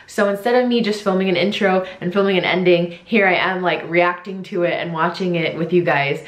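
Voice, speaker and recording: A woman's voice: on the low side, a little fast. Chatty young woman in an echoey room. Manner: chatty, rambling, excitable. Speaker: English teacher and vlogger. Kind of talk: casual reaction vlog.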